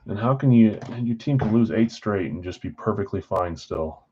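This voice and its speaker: A man's voice: fairly low pitch, lively intonation, normal speed, a little mellow, highs cut off, a little hiss or hum. A tired, yawning man hosting a live card break stream. He chats casually with viewers and calls out which teams they hold. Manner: chatty, rambling, talks straight to viewers. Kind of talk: casual live-stream chat, calling out team spots.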